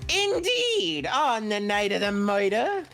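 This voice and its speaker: A woman voicing a smug courtroom prosecutor in a slow, measured delivery. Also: medium pitch, big pitch swings, a bit bright, soft background music, exaggerated voice. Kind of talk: reading game lines aloud on a livestream.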